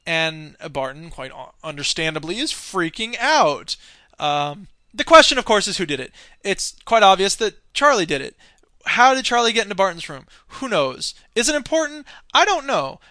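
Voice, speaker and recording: Guy teacher rambling thru a film breakdown, lots of ums, kinda high bright voice. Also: very animated, moderate pace, no room sound. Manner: hesitant, many fillers, searching through notes. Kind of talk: unscripted film commentary lecture.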